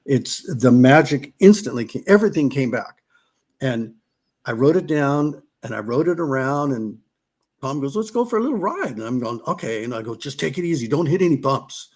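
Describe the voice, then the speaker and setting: A man's voice: medium pitch, expressive, normal speed, darkish tone. A middle-aged man from California, a podcast guest telling motocross stories in a casual, rambling way, restarting sentences and acting out what others said. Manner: rambling, restarts, acts out quotes. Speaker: podcast guest, former off-road racer. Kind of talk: casual storytelling.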